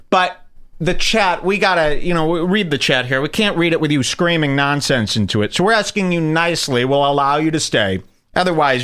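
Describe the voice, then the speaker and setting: A man rants on a talk show, his pitch sitting a bit high and swinging widely. He mocks people with sudden squeaky impressions. He mentions that he has a headache. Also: fairly bright tone. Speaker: podcast host. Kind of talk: casual commentary on a radio show.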